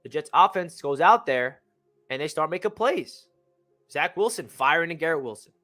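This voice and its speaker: A young man hosts a fan channel game recap, talking fast and excitedly, often circling back to correct details. His voice sits high and sounds bright and forceful. Faint music plays underneath. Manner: energetic, rambling, self-correcting. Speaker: sports fan channel host.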